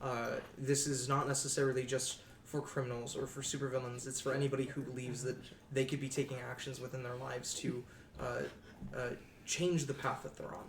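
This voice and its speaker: A man playing a halting young hero. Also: mid-range voice, little pitch movement, slight background noise, lightly acted. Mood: earnest. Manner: halting, many fillers, sincere. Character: hesitant young man hero, team spokesman. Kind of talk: tabletop role-play in character. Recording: echoey room, mic at a distance.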